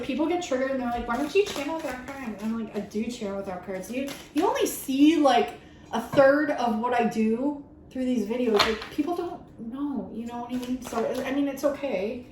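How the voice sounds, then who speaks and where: A woman doing a casual tarot reading for her viewers, excitable and swearing freely as she talks straight to the camera. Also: high voice, moderate pace, echoey room, background noise. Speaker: tarot reader. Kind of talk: casual spiritual reading vlog.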